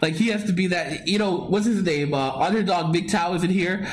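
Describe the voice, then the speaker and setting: Rambling, slightly high-voiced male streamer. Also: brisk, a little hiss or hum. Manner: rambling and repetitive, with frequent restarts and laughs. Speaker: livestream host. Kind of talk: casual live-stream chat, reading chat comments.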